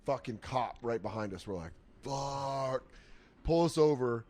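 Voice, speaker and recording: A man's voice: medium pitch, expressive, fairly quick, warm tone. A man co-hosting a podcast, telling crude, rambling stories in casual banter and acting out the quotes. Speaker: podcast co-host.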